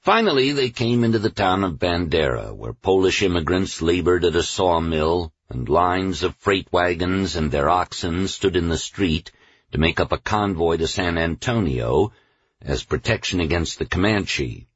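A man reading a novel aloud as a narrator, in a measured storytelling manner. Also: low voice, lively intonation, slightly rough, dry recording. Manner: measured storytelling, slows on lists. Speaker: audiobook narrator. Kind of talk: scripted narration. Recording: dull, dry studio recording.

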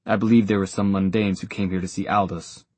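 A man voicing a world-weary male warlock who speaks in a dry, flat way. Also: low-pitched, brisk, breathy edge, no echo. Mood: wry.

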